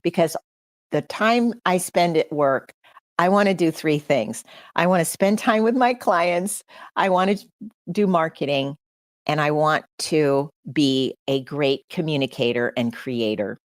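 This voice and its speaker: Woman host, low voice, earnest reflective livestream talk, dry close sound. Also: measured pace, dry recording. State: choked up with emotion. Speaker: podcast host.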